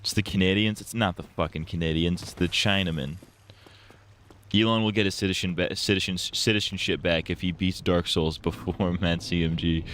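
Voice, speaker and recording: A man with a fairly low voice giving loose, rambling commentary while he plays a video game on stream. He talks crudely, jumps between jokes and gameplay, and laughs at his own lines, with faint noise behind him. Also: fairly even intonation, normal speed, fairly bright tone. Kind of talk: casual gaming commentary.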